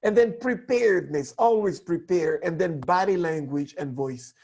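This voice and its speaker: A man teaching a lesson on public speaking, hoarse with a cracked voice, talking in an animated way that swoops between high and low tones. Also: moderate pace. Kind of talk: online lesson.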